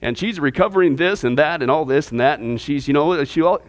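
God, deep fatherly voice, halting , done by a man teacher. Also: close to an everyday voice. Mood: fumbling. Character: God, calm fatherly heavenly voice.

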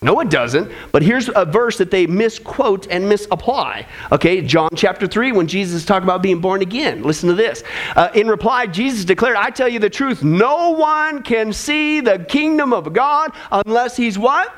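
A man's voice: sits high, lively intonation, normal speed, a bit bright. A man preaching a sermon to a congregation, emphatic and preacherly, with jokey asides to the crowd. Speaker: pastor.

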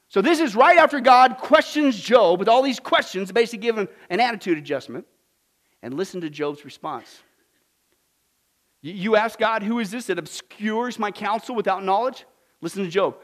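A man preaching a dramatic sermon, asking the congregation questions and swinging from hushed whispers to loud exclamations. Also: high-pitched, lively intonation, fairly quick. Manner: asks the congregation rhetorical questions.

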